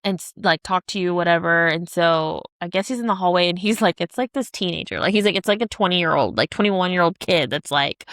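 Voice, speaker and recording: A woman's voice: lowish voice, a little fast, gravelly, a bit bright, dry recording, studio quality. A woman in her thirties co-hosting a podcast, telling a long story in casual chat, rambling with lots of "like" and restarts. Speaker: podcast co-host.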